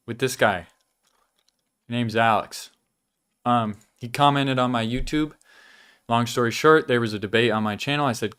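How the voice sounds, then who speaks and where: Young adult man, smooth resonant voice, laid-back chatty vlog talk, mid pitch. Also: a bit bright. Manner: loose, chatty, swears casually, chews gum while talking. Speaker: vlog host. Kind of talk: casual weekly life update.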